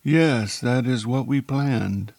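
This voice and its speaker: A man voicing a calculating male crime boss who speaks in a measured, coolly polite way. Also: mid-range voice, vocal fry, darkish tone, dry recording, voice pushed up.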